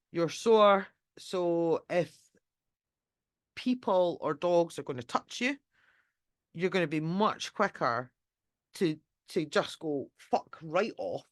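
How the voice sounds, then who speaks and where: A woman's voice: deep voice, no echo, studio quality. A woman giving a casual live online talk as a dog trainer. She rambles in a chatty way with many fillers and restarts, swears casually, and sometimes acts out what a dog might be thinking. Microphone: computer mic during a screen-shared session.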